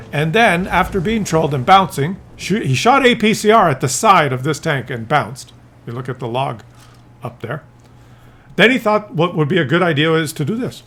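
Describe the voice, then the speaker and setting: Brief: man commentating a game replay, high voice, very lively, disbelieving. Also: normal speed. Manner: exasperated, incredulous, animated. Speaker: gameplay commentator.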